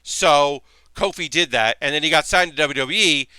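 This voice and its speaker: A man's voice: on the high side, normal speed, pushed and bright, clear, resonant tone, no echo. A man hosting a live building stream, chatting casually and rambling with lots of fillers and restarts.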